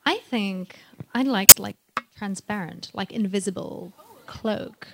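A woman's voice: mid-range voice, slow, very noisy. A woman with a French accent, a French native speaker, answering panel questions hesitantly with many fillers. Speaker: voice actor guest on a live panel. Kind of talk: casual panel Q&A.

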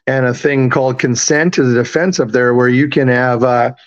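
A man in his fifties, raised in Canada, telling a story in a casual, profane, animated way and acting out the quotes. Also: mid-range voice, normal speed, highs cut off. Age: 50s. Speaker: podcast guest.

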